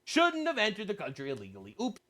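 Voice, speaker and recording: A man's voice: sits high, huge pitch swings, quick pace, bright, forceful tone. A man hosting a political reaction commentary show, talking in a sarcastic, crude, mocking way. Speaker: show host.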